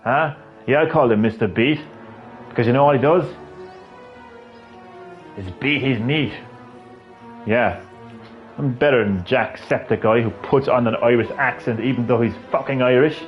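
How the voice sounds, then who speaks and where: A man's voice: medium pitch, moderate pace, muffled recording, faint music behind. A man live-streaming a video game, with rambling, profane, ranting commentary.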